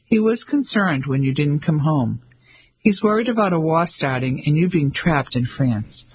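A man's voice: fairly high pitch, lively intonation, normal speed, husky, low-quality recording. A man voicing an earnest young soldier home on leave, anxious and incredulous. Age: young adult.

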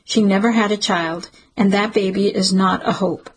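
A woman's voice: medium pitch, fairly even intonation, moderate pace, slight background noise, natural voice, rough recording. Cold stern father, as a woman reads him. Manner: curt, contemptuous, dismissive.

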